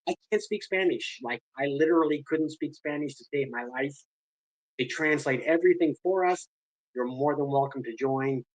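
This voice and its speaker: A man's voice: a little high, moderate pace, no echo, poor audio. A man speaking in a casual live audio chat, enthusiastic and apologetic, often restarting and repeating words. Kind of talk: casual rambling community chat.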